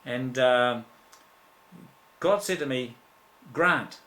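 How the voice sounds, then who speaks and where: Aussie guy preaching, bright forceful voice, repeats himself a lot, echoey room. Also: medium pitch, very slow, long pauses. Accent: Australian. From Australia. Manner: repetitive, emphatic declarations with many fillers and restarts. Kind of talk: impassioned sermon.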